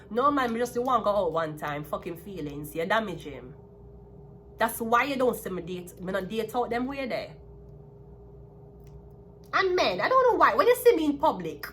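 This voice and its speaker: A woman's voice: fairly high pitch, a bit bright, a little hiss or hum. A Jamaican woman in her thirties giving a casual, emphatic tarot reading, talking animatedly and repeating her points. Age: 30s. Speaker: tarot reader.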